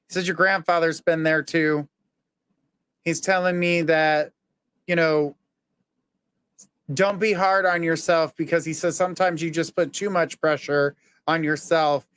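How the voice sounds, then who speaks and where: A man's voice: on the high side, steady tone, a little slow, long pauses, fairly bright tone, smooth, no echo, clean studio sound. Earnest man giving a psychic reading. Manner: earnest, reassuring, relays messages in the first person. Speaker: psychic medium host.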